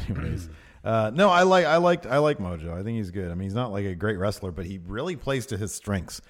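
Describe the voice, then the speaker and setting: A man's voice: lowish voice, sing-song, a little fast. A man co-hosting a casual wrestling recap, chatty, laughing easily and trailing off with fillers. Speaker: co-host.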